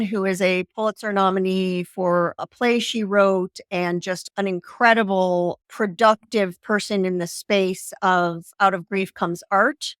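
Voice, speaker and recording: A woman's voice: mid-range voice, fairly bright tone, clear, resonant tone, dry recording, studio quality. Earnest middle-aged woman, podcast guest. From Northern United States. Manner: earnest, measured, pauses with fillers. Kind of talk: podcast interview, reading aloud and reflecting.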